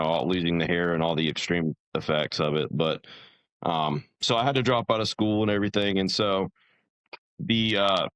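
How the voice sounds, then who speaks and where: A man's voice: low-pitched, a bit bright, clean tone, no room sound, rough recording. A young man, a podcast guest, telling his story in a casual, rambling way, full of fillers and restarts.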